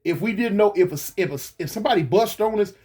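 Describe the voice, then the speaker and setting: La guy with a pretty high voice, telling his story, keeps restarting, makes bang noises. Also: quick pace, husky. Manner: animated, repeats and restarts, mouths gunshot sounds. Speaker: guest recounting a shooting. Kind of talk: casual storytelling.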